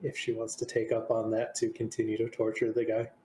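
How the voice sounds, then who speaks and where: A man's voice: lowish voice, monotone, fairly quick, mellow, slight background noise. A man playing a tabletop game, chatting casually. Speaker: player. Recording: echoey room.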